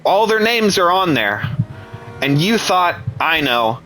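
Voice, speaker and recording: A man's voice: sits high, sing-song, measured pace, sharp tone, slight background noise, poor audio. A man ranting with scorn and profanity in an angry political commentary.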